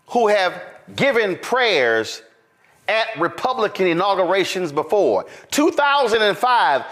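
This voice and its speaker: A middle-aged man hosting a talk show, giving mocking, animated commentary on a clip. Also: sits high. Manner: mocking, animated, drawn-out delivery.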